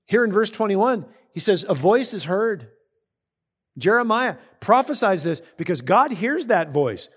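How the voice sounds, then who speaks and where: A man's voice: sits high, big pitch swings, a little slow, husky. A man preaching a sermon, reading scripture aloud and explaining it in a conversational way, often asking his listeners questions. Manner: reads scripture aloud between comments. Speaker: pastor. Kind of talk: sermon teaching.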